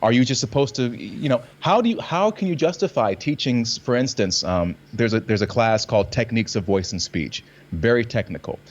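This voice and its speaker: A man with a mid-range voice speaks at a moderate pace with few pauses, on dull audio. He's an actor and guest in casual conversation, animatedly telling stories and acting out lines in different ways.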